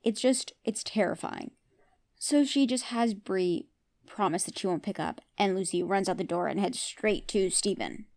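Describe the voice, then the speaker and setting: A woman's voice: mid-range voice, normal speed, a little mellow. Chatty woman recapping a TV show. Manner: chatty, opinionated, asks the listener questions. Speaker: podcast host. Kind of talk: casual TV episode recap.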